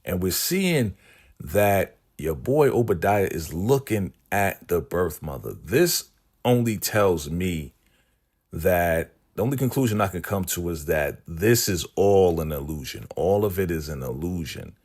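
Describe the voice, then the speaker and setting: A man casually recapping a TV episode and quickly putting on the voices of the characters he quotes. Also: sits low, expressive, darkish tone. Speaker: recap channel host. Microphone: podcast microphone.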